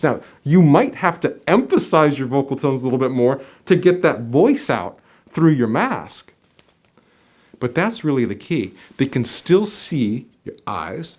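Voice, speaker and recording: Middle-aged male interview coach, lively pitch swings, emphatic and motivational to camera. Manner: emphatic, motivational, addresses viewer directly. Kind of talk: direct-to-camera coaching video.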